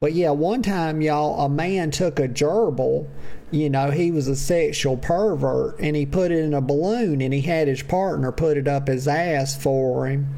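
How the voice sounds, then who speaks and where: A campy, sassy gameplay commentator with a drawl, taking their time with every rambling aside. The voice is gravelly with plenty of fry, and the talk is crude and chatty. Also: mid-range voice, a little slow, warm tone. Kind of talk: let's play commentary.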